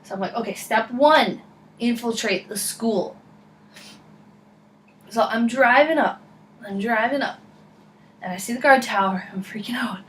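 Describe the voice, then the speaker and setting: Excitable young woman telling a rambling story. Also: on the high side, measured pace, pauses often. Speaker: vlogger. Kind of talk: casual storytelling vlog. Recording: voice a bit far from the mic, faint background noise.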